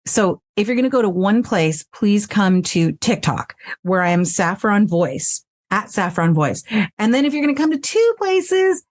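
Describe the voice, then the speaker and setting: A woman's voice: medium pitch, sing-song, moderate pace, no room sound. A woman voice actress talking frankly and with animation as an interview guest, swearing freely, recorded in her home recording space. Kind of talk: casual interview chat.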